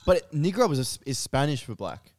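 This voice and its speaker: A comedian man spinning a story in casual podcast talk, playing out both sides of the exchange and laughing through his own punchlines. His voice sits high and swings widely, and the sound is close and dry. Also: fairly quick, dry recording. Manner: animated storyteller, acts out both sides of a conversation.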